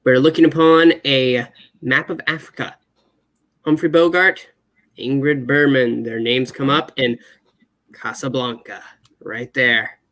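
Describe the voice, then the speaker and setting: A man's voice: medium pitch, fairly even intonation, unhurried, pauses often, a bit bright. A man co-hosting a movie reaction show in casual chat. He speaks hesitantly, with many fillers.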